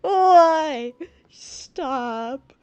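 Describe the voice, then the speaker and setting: Brief: slow, chatty woman streamer, slightly high voice, faint music under. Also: lively intonation, no room sound. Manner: giggly, reactive, chatty. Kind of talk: game playthrough with reading aloud.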